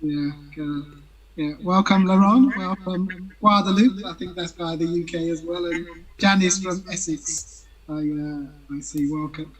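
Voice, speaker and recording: Slow-speaking man on a video call. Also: sits high, fairly even intonation, rough recording. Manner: unhurried, friendly remarks welcoming attendees. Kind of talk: casual chat on a video call.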